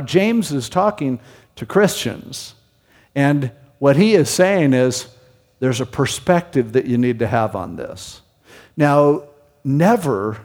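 A man's voice: medium pitch, a little mellow. A man preaching a Bible-teaching sermon in a conversational way, often asking rhetorical questions. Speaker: pastor. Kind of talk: expository sermon. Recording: long hall reverb.

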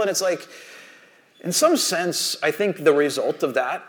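A man's voice: high voice, very animated, normal speed. A man giving an anecdotal motivational talk to an audience, telling a story in a chatty way and using lots of "like" and "you know" asides. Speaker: speaker addressing an audience.

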